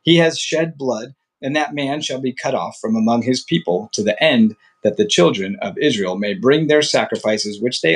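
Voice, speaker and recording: Guy reading bible passages out loud, steady, trips on words sometimes and restarts, chats a bit in between. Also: medium pitch. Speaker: Bible reader. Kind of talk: reading scripture aloud with casual asides.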